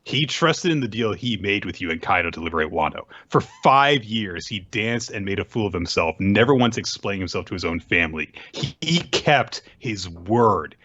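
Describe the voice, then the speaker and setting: Man reading as a vengeful young woman, low and solemn, bright edge, dull recording. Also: dry recording. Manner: low, grave reading of a quote. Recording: dull lo-fi podcast audio.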